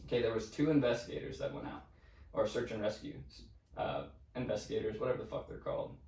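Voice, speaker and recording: A man co-hosting a podcast, telling eerie stories in a casual, profane, animated way. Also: on the low side, fast talker. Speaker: podcast co-host. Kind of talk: casual storytelling chat. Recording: roomy, distant mic.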